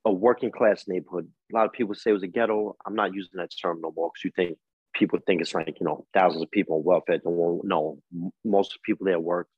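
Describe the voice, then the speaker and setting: A husky, low-voiced man in his forties with a New York accent speaks in a podcast interview. He tells his story emphatically, in a street-wise way, as a coach giving life lessons. The recording is dull and lo-fi, with a dry, close sound. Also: fairly even intonation, quick pace, no echo. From East New York, Brooklyn. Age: 40s. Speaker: guest, coach.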